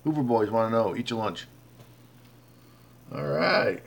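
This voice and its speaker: Unhurried and gravelly, a man with a mid-range voice runs a casual live stream. He rambles, greets viewers by name and calls them bud, reads their comments aloud, and leans on fillers and restarts.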